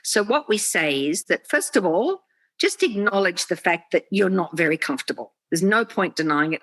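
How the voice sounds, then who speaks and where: Woman, executive coach, lowish voice, animated explaining, acts out inner voices, dry video call sound. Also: moderate pace, no room sound, poor audio. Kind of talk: interview talk, explaining.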